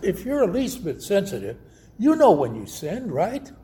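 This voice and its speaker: A man's voice: sits high, huge pitch swings, dark tone. A man preaching a sermon, telling stories and acting out quoted voices. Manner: slow, storytelling with quoted voices.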